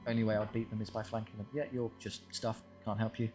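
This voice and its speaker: A man's voice: lowish voice, monotone, fairly quick, few pauses. A young man commentating his own strategy game, talking to his units with wry frustration over a desk microphone. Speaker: gaming channel host. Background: game music.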